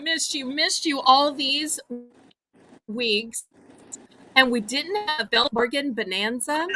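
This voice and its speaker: A high-voiced woman with a Southern American accent hosts a live home-shopping auction, keeping up a chatty, animated sales pitch.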